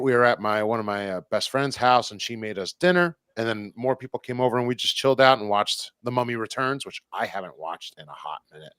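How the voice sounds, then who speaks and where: A man co-hosting a podcast, recapping his weekend in a relaxed, easygoing way. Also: mid-range voice, clear, resonant tone, dry recording. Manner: laid-back, easy recap of the weekend. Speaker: podcast co-host. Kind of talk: casual chat.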